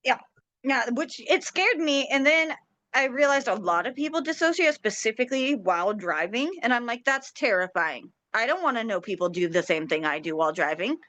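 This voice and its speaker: A woman's voice: on the high side, expressive, fairly bright tone, no echo. A woman co-hosting a podcast, chatting casually, laughing often and humming along as she listens. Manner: laughs often, drawn-out hums. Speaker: podcast co-host. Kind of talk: casual chat.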